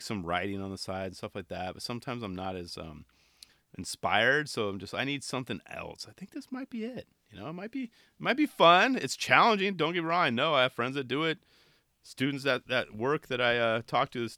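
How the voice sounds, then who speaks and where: A middle-aged man hosting a podcast, talking casually in a rambling, relaxed way with many restarts. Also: medium pitch, dry recording, clean studio sound. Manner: rambling, relaxed, self-interrupting. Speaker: podcast host. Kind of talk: casual solo podcast talk.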